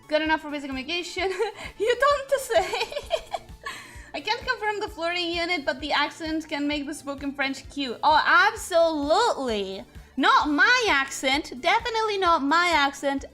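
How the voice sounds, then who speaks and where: High, bright Spanish-accented woman. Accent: Spanish-accented English. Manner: chatty, thinks aloud, rambling. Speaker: streamer. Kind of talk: casual livestream chat, reading chat aloud.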